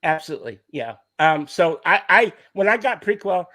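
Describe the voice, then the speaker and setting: A man's voice: high-pitched, normal speed, no echo. A man co-hosting a casual music chat, telling stories animatedly and swearing a lot. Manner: animated storytelling, heavy swearing. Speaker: podcast co-host.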